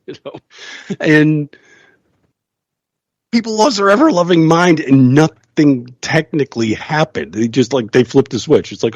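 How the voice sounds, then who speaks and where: A man's voice: on the high side, animated, unhurried, pauses often, no room sound, highs cut off. A man hosting a casual radio talk show, sarcastic and laughing often as he mocks other people's voices. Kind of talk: casual chat.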